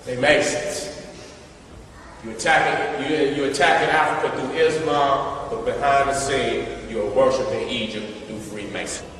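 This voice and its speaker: A man giving a casual, emphatic slide talk to an audience. He keeps repeating short questions, and his voice swings between loud bursts and low asides. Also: steady tone, moderate pace, slight background noise. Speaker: presenter showing images to an audience. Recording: echoey hall from a distant mic.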